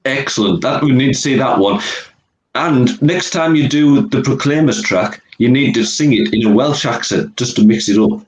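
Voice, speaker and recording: A man's voice: mid-range voice, normal speed. A man hosting a casual interview who teases his guests and asks about singers. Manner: teasing, joking. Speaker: podcast host. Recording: roomy with faint noise.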